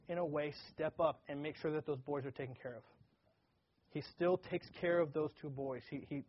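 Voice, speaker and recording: A man teaching from the Bible in a casual, conversational way, now and then acting out the people in the story with energy. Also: fairly high pitch. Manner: conversational, acts out dialogue animatedly. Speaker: pastor. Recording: dull lo-fi recording.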